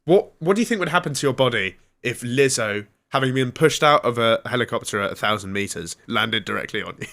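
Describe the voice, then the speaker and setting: A man's voice: mid-range voice, lively intonation, fairly quick, creaky, few pauses, fairly bright tone. A man hosting a comedy radio show, reading mock news in a jokey newsreader manner. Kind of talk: comedic retro radio banter.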